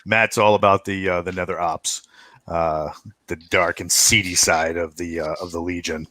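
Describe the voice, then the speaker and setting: Low-voiced podcast host, lots of "uh". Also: male voice, steady tone, moderate pace, bright, forceful tone, dry recording. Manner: laughs often, many fillers and restarts. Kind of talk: casual group chat.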